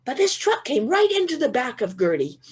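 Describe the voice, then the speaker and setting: A woman gives a keynote talk and tells a funny story from her own life. Her voice is slightly husky and breathy, and her pitch swings up and down a lot. She tells it vividly and often repeats a word as she starts a line again. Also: sing-song, moderate pace. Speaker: keynote speaker.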